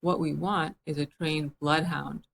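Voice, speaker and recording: A woman voicing an eager, kind young boy who speaks excitedly in a storybook reading. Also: sits low, unhurried, creaky, slight background noise.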